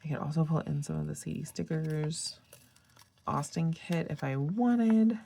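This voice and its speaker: Tired, chatty woman with a gravelly, low voice. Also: unhurried, dark tone, a little hiss or hum. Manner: chatty, rambling with tangents and fillers. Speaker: planner sticker vlogger. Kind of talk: casual chat.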